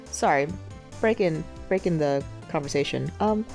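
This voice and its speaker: A woman's voice: sits low, lively intonation, moderate pace, a little mellow, faint music behind. A young woman streamer giving casual, rambling commentary while playing a game. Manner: musing, rambling, many fillers. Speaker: let's play streamer.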